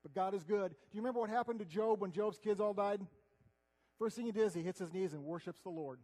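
A man giving an earnest, conversational sermon, swinging between loud declarations and hushed asides. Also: sits high, fast talker. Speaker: preacher. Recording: long hall reverb.

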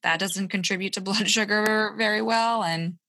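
A young woman hosting a casual podcast interview, friendly and relaxed, with frequent "like" fillers. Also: medium pitch, normal speed, no room sound. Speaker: podcast host.

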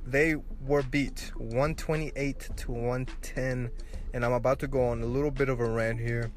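On his solo sports podcast, a young host swears and rants furiously, his voice pushing toward shouting. It's a mid-range, steady-toned voice at normal speed, backed by soft music.

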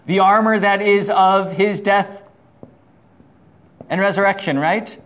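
A man's voice: high voice, fairly even intonation, slow, a bit bright. A middle-aged man leading an informal Bible study, talkative, tossing out rhetorical questions, stammering and chuckling as he goes. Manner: talkative, asks rhetorical questions, frequent "right?"; stammers and restarts, chuckles often.

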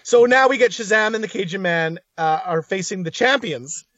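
Young male podcast co-host, higher voice, profane and jokey. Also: lively intonation, moderate pace, a bit bright, no echo, muffled recording. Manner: laughing, blunt and profane. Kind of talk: casual podcast chat.

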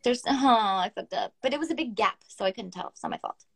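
Young female podcast co-host, laughing and profane, reads poetry aloud in a mid-pitched voice. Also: animated, quick pace, vocal fry, a loud crowd. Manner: laughs often, swears casually, reads poems aloud. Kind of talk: casual chat and poetry reading.

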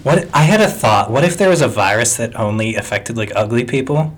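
A young man with a nasal voice co-hosting a casual podcast, deadpan and crude. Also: medium pitch, a little fast. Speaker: podcast co-host. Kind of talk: casual chat.

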